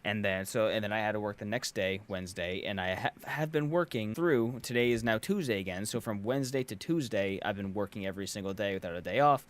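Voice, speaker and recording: A man's voice: fairly low pitch, quick pace, hardly any pauses. A young man hosting a podcast, telling a long exasperated story with sardonic asides and frequent swearing, worn out from work. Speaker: podcast host. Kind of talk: casual podcast rant.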